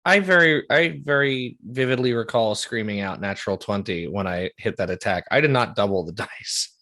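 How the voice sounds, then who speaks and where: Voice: medium pitch, normal speed, sharp tone. A player in a tabletop game, laughing and sheepish while sorting out a dice roll. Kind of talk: casual tabletop play.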